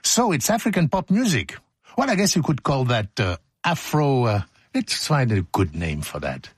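A male radio host reads his lines in a studio and keeps cracking himself up. His voice is husky and it swoops up and down with lively expression. The studio sound is close and dry. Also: medium pitch, moderate pace, no room sound. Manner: jokey, self-mocking, breaks off mid-line. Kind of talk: playful studio outtakes of scripted narration. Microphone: studio microphone.

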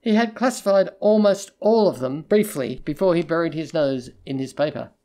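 Audiobook narrator, measured, steady, mid-pitched voice, literary reading.

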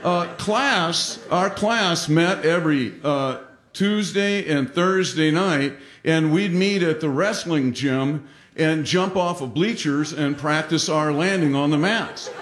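A man telling a funny personal story on stage, animated and self-mocking, acting out the lines of the people in it. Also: a little high, slow pace. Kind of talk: live comic storytelling. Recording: roomy hall with audience laughter.

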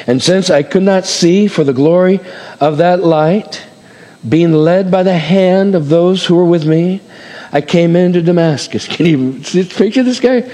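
A man's voice: high voice, normal speed, dark tone, in a large hall. A man preaching a sermon, reading scripture aloud and acting out the voices with dramatic swings and chuckles. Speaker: pastor.

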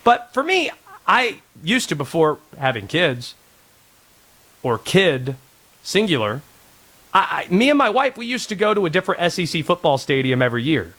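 A sports talk radio host, a man in his thirties, riffs in a casual, sarcastic, rambling way. His voice climbs and drops a lot as he talks, and it sits a little on the high side. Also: sing-song, normal speed, fairly bright tone.

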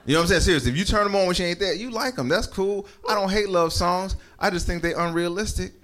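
A man's voice: high voice, quick pace, a bit bright, slight background noise. A man doing stand-up, talking bluntly and addressing the crowd directly. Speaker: stand-up comedian. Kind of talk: stand-up set. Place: comedy club stage.

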